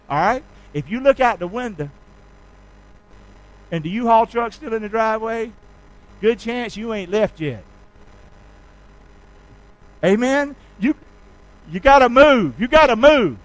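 High-voiced preacher man, shouting then hushed. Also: no echo, low-quality recording. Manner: call-and-response preaching, swings from shouting to hushed. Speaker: pastor. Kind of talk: sermon. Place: church sanctuary.

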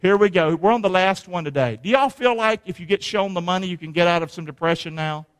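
A man preaching a sermon with call-and-response, animated, swinging from shouting to low, quiet talk. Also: fast, clear, resonant tone. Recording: long hall reverb.

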